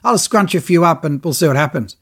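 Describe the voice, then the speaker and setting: A man's voice: a little high, expressive, quick pace, a bit bright, breathy edge, full character voice. A man doing an unbothered boat skipper. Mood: relaxed. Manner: offhand, unbothered. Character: laid-back male boat skipper, offhand.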